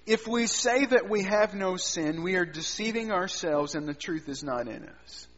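A man preaching a sermon, swinging between loud emphatic lines and quiet low asides. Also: animated, normal speed. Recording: dull sound with long hall reverb.

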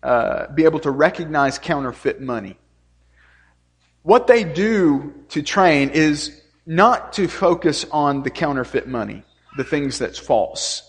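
Guy preaching a sermon, pretty high voice, big echoey hall, earnest and repetitive. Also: expressive, a little slow. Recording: long reverb of a hall.

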